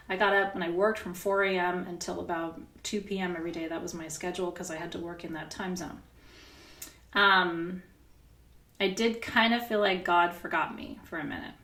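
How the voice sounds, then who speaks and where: A middle-aged woman coaching a group in a loose, candid way, breaking into laughter and swearing as she tells a personal story. Her voice sits at a middling pitch. The room adds noticeable echo. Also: a bit bright. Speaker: spiritual coach. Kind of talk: casual coaching session.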